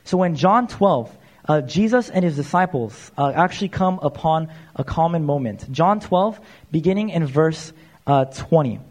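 A man's voice: fairly high pitch, animated, normal speed. A man preaching a sermon in a casual, conversational way, often saying "uh" and calling his listeners "you guys". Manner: conversational, frequent "uh" fillers, addresses crowd as "you guys". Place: church.

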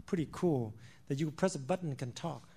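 A preacher with a notably high voice for a man. He drives his sermon with fervor, swells to loud declarations, then drops to a near hush, repeating his phrases for weight. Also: a little fast, husky. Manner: impassioned, swinging between loud declarations and hushed asides; repeats phrases for emphasis, addresses listeners as "my friend".

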